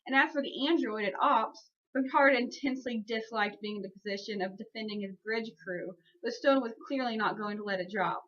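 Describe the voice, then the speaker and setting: A woman's voice: a little high, brisk, few pauses, fairly bright tone, dull audio. A woman narrating a fan-made audiobook, reading steadily and correcting small slips as she goes. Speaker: audiobook reader.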